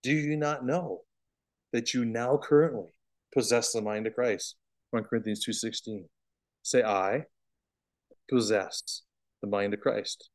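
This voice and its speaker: A man teaching a bible study in an animated, emphatic way, swinging between loud declarations and hushed asides. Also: mid-range voice.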